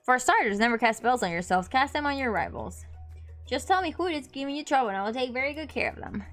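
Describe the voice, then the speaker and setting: A woman's voice: sits high, animated, fast talker, fairly bright tone. A woman voicing a mischievous male spork monster, once a student, with a sly, theatrical delivery over faint game music. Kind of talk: reading game dialogue aloud.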